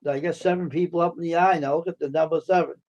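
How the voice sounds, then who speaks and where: A man hosting a casual live stream from the United States, answering his chat by name, repeating himself, worked up at times and then calming his viewers down. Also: on the high side, rapid-fire, lo-fi sound. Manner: talks back to chat, repeats himself, heated then soothing.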